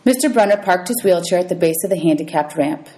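Lively woman teacher reading aloud. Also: fairly low pitch, quick pace, low-quality recording. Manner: lively storytelling with voices for characters. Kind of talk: reading a novel aloud to students.

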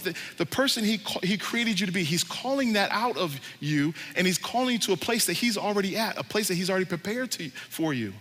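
Casual, slangy male pastor preaching; bright voice, long echo of a church hall. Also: high-pitched. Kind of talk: sermon.

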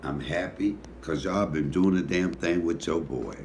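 Speaking low and at a measured pace, a middle-aged comedian with a Detroit accent hosts his cooking show and chats casually to camera. He rambles sleepily, telling profane comic stories in a slightly mellow voice, and a little hiss or hum can be heard.

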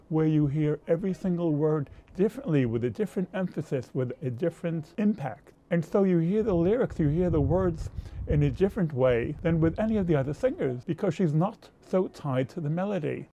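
A man hosting a music commentary, introducing performances in a calm, explanatory way. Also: a little high, brisk.

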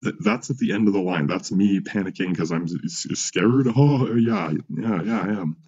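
A man's voice: sits low, sing-song, normal speed, a little mellow, husky, dull audio. A man ranting in a rambling, profane monologue, full of restarts and asides, as a vlogger.

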